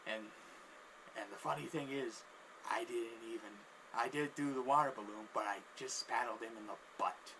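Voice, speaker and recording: A man's voice: mid-range voice, moderate pace, noisy background. A man telling a casual anecdote who rambles, restarts his sentences often, and loops through "and then" phrases. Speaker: storyteller.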